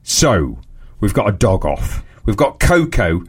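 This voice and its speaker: Guy chatting on a podcast, animated story, voice rises and falls a lot. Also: fairly low pitch, slow pace, husky. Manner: animated anecdote teller, acts out quoted voices. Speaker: podcast co-host. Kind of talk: casual chat, storytelling.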